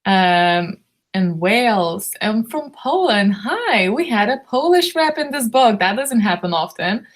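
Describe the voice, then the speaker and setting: A hoarse woman from Lithuania hosts a book club live stream, her voice worn thin. She talks at an unhurried pace in middle pitch, rambling and giggling as she greets viewers one by one. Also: big pitch swings. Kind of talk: live-stream chat, reading viewer comments.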